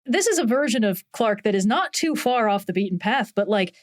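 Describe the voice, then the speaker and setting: A woman talking casually and enthusiastically on a podcast, animated and swearing now and then. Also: mid-range voice, a little fast. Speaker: podcast guest.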